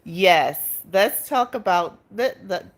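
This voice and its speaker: A woman's voice: mid-range voice, expressive, slow. A woman hosting a casual livestream, chatting with her viewers, reading out their comments and laughing often. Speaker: livestream host.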